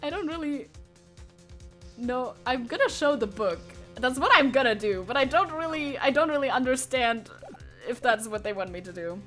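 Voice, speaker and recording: A woman streaming a video game, chatting casually and thinking aloud with quick self-corrections. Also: high voice, animated, fairly bright tone, soft background music.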